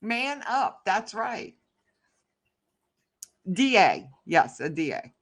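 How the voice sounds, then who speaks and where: Speaking extremely slowly with a medium pitch and big pitch swings, this livestreamer talks casually to her viewers and reads out their comments. She's rambling and restarts often, answering the chat directly, and turns heated into a rant when annoyed.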